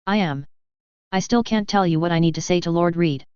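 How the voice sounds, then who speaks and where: A woman narrating puts on a sincere young man pleading for trust in a fantasy storybook reading. The voice stays smooth and rather low, barely changed from the narrator's own. The recording is dry and slightly dull. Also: brisk, darkish tone, no room sound, close to an everyday voice. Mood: earnest. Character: earnest young modern man, lost and sincere.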